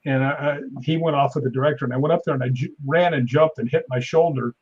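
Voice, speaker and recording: A man in his fifties, a stuntman guest on a talk show, telling animated anecdotes with sound effects and chuckles. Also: mid-range voice, quick pace, slightly rough. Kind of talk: casual interview storytelling. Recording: dull lo-fi sound.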